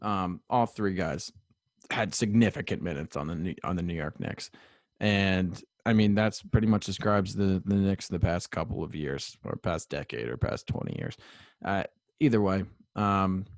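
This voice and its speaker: A man's voice: sits low, normal speed, no echo. A young man out of breath after climbing stairs, rambling through the end of his solo sports podcast with lots of fillers. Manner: rambling, filler-heavy, self-deprecating.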